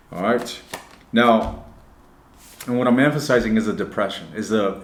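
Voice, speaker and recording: A man giving a casual tarot reading to camera, blunt and profane, talking straight to his viewers and moving between joking asides and earnest advice. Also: fairly low pitch. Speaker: tarot reader. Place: indoor room. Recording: roomy echoey room.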